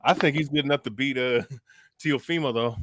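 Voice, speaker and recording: A man's voice: mid-range voice, moderate pace, fairly bright tone. A man co-hosting a boxing show, arguing bluntly and profanely and stumbling over his words. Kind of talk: heated boxing banter.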